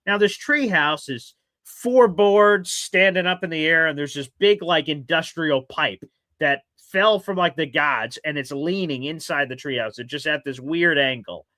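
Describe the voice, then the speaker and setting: Radio host, male, bright forceful voice, dry close mic, lively storyteller. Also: fairly high pitch, a little slow, no echo. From South Carolina. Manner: animated, acts out voices in his stories. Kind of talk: casual call-in storytelling.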